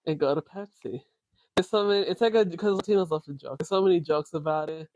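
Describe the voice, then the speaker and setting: A man co-hosting a podcast, teasing his friend with quick interjections in casual chat. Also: a little high, a little mellow, dry recording. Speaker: podcast co-host.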